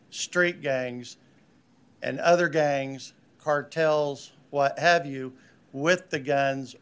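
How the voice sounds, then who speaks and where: A man testifying at a legislative hearing, stating his opinions emphatically and repeating his key points. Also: medium pitch. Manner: emphatic, repetitive, forceful opinions. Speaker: public witness testifying. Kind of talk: formal public testimony.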